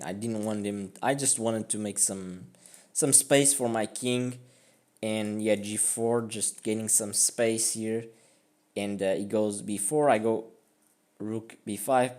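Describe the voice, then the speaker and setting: A man's voice: on the low side, a little mellow. A man giving casual, rambling commentary on his own chess game, mocking his own mistakes and filling his talk with "like" and "I mean.".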